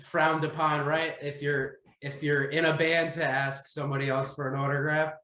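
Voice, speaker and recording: A man's voice: a little high, level tone, moderate pace, sharp tone, echoey room, low-quality recording. A man hosting a podcast interview, asking questions in a laid-back way with casual swearing and frequent laughs. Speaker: podcast host.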